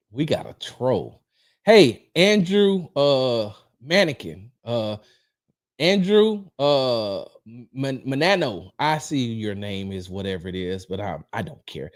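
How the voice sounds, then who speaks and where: A man's voice: mid-range voice, big pitch swings, normal speed, a little mellow. A man hosting a casual sports livestream, ranting at a troll in the chat. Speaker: livestream host. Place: home streaming setup.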